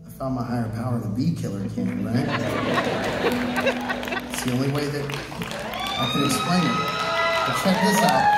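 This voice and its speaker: A man telling a personal story live on a theater stage, earnest and hushed at times, then bursting into loud, excited outbursts. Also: mid-range voice. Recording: echoey theater recording from far off, music underneath.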